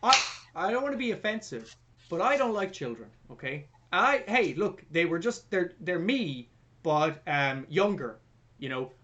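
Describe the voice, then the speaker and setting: A young man hosting a podcast, retelling a film plot in a jokey, sweary, animated way. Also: sits high, unhurried, muffled recording, a little hiss or hum. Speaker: podcast host. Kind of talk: casual film review chat.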